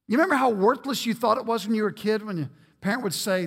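A man's voice: high voice, quick pace, creaky, fairly bright tone, husky. A man preaching a sermon as pastor, earnest and emphatic, often repeating words as he works toward a point. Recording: long reverb of a large hall.

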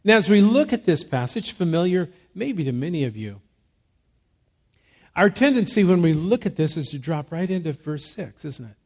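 Male pastor, sermon delivery, emphatic and measured, slightly raised pitch, nursing a cough. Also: big pitch swings, darkish tone. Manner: measured, emphatic preaching with rhetorical questions. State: fighting a cough.

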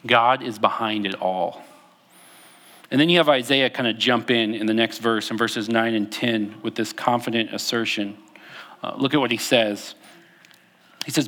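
A man's voice: medium pitch, fairly even intonation, moderate pace, pauses often, bright, forceful tone. Man preaching a casual sermon. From Texas. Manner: conversational, with fillers and restarts. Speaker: pastor.

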